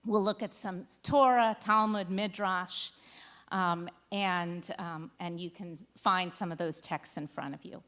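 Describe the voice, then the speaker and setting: A woman's voice: fairly low pitch, measured pace, a bit bright. A woman rabbi teaching a sermon text study, speaking conversationally with wry asides to the congregation and dramatizing quoted lines. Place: synagogue sanctuary.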